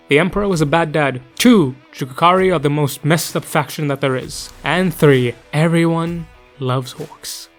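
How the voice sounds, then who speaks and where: A man hosting a casual lore explainer, rambling and joking about himself with lots of enthusiasm. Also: a little high. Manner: rambling, jokey, self-deprecating, enthusiastic. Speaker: lore video host.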